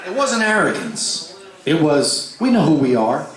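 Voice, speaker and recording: A man tells a story from a concert stage, his fairly high voice leaping up and down as he acts out the people in it. He swears freely. The sound is a booming hall with a crowd audible behind him. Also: unhurried, very noisy. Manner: animated, swings pitch widely for quoted voices, swears freely. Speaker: stage performer telling a story. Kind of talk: live storytelling between songs. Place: large concert hall before a live crowd. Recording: echoey live hall with crowd.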